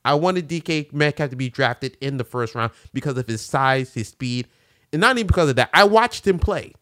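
A man co-hosting a casual sports chat, loud and animated, joking around and swearing freely. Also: medium pitch, fairly quick, no room sound, studio quality. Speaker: sports podcast co-host.

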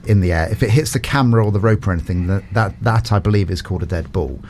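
A man hosting a local radio interview, reading out listener questions and asking quick, chatty follow-ups. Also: fairly low pitch, darkish tone, slight background noise.

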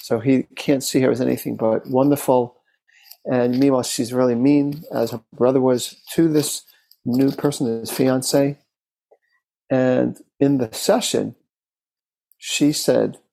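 A man who works as a therapist, recounting a case as an interview guest in an unhurried, thoughtful way, speaking in short phrases. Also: mid-range voice, fairly even intonation, gravelly, mellow, poor audio. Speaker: therapist and relationship expert.

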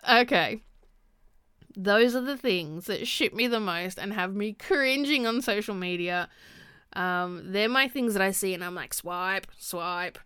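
A woman's voice: medium pitch, lively intonation, unhurried, a bit bright, clean tone, dry recording, clean studio sound. A woman hosting a casual solo podcast, talking frankly, swearing and laughing often. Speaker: podcast host.

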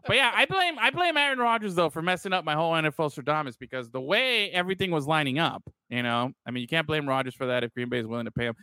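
A man's voice: fairly high pitch, expressive, fast talker, few pauses, pushed and bright, dry recording. A man co-hosting a casual sports podcast, rambling and swearing freely, calling his friends bro. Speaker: podcast co-host.

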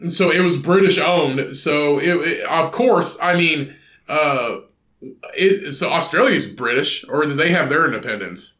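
A man's voice: fairly high pitch, animated, a little slow, pushed and bright, roomy sound. A man co-hosting a podcast in casual chat, crude and jokey, laughing often. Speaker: podcast co-host.

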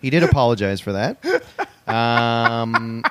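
A man's voice: mid-range voice, slow pace, a little hiss or hum. A man hosting a comedy podcast, rambling through a story with lots of "um"s and frequent laughter. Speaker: podcast host. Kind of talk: casual comedic chat.

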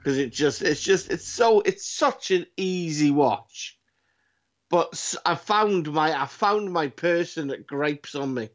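A man's voice: on the high side, lively intonation, slow pace, lo-fi sound. A man in casual chat, sweary and enthusiastic, often restarting his words.

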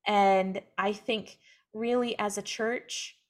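A woman's voice: mid-range voice, slow pace. A young woman speaking earnestly as a guest in a casual conversation about faith, sometimes acting out what other people say. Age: young adult. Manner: earnest, animated when quoting others. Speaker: guest, mother sharing her story.

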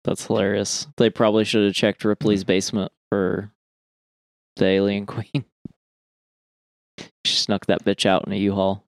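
A man with a fairly low voice rambles through casual film talk, full of fillers and the odd swear. The sound is dry and close. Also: completely flat delivery, normal speed, vocal fry, pauses often, dry recording. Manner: rambling, many fillers, swears and laughs easily. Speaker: podcast co-host. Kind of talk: casual chat.

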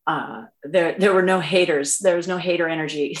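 A middle-aged woman, a voice actress, answering interview questions in an earnest, halting way with many fillers and restarts. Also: low voice. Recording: roomy echo.

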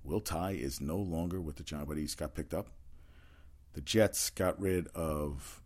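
A man's voice: very deep voice, measured pace, a little mellow. A man giving a casual, rambling solo rundown of sports news, opinionated and full of fillers and restarts. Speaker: sports talk host.

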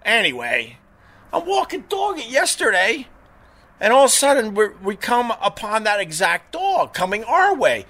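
A middle-aged man hosting a show, chatting casually and telling a story with lively retold dialogue. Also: sits high, normal speed. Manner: animated storyteller, mimics voices in retold dialogue. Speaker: show host.

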